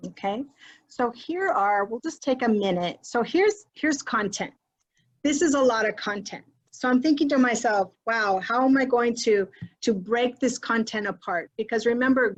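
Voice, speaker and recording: A woman leading an online workshop for teachers in a chatty, encouraging way, mixing in Spanish phrases, recorded on a computer mic during a video call. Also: mid-range voice. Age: adult with a child. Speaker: teacher leading a training for educators.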